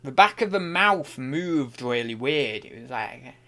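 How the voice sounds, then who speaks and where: A man's voice: medium pitch, lively intonation, a little slow, pushed and bright. A young man chatting casually on a livestream while working, thinking aloud and rambling with many restarts. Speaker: online reseller and streamer.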